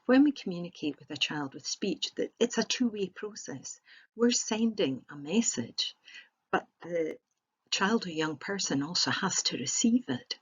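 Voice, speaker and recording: A woman talks through a recorded training presentation in a husky, fairly low voice. She explains step by step and asks rhetorical questions. The sound is muffled and lo-fi. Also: animated, measured pace.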